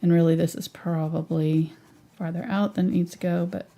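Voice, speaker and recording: A woman's voice: lowish voice, flat delivery, normal speed, warm tone. A woman teaching a live painting tutorial in a chatty way, thinking aloud and sometimes whispering to herself. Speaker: painting instructor.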